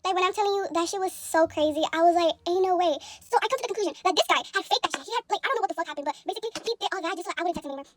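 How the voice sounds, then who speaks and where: A young woman tells a storytime into her phone in a very high, very quick voice. She is animated and profane, and she leans hard on fillers. A faint hiss sits under the recording. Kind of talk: casual storytime monologue.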